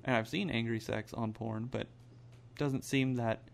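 Male co-host, relaxed and sweary, easy laughter, mid pitch. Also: normal speed, vocal fry. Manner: laid-back, sweary, laughs easily. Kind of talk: casual chat.

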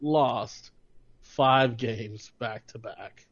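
A man's voice: mid-range voice, extremely slow, gravelly, slightly rough, highs cut off. A man co-hosting a podcast in casual chat, telling a story with laughs and stammered restarts. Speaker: podcast co-host.

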